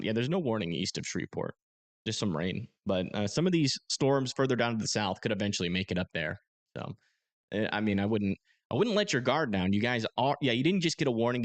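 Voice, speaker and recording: A young man hosting a live storm-tracking stream, talking casually and haltingly with many fillers as he reads radar. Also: fairly low pitch, dry recording. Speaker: storm-tracking livestream host. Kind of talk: live weather commentary.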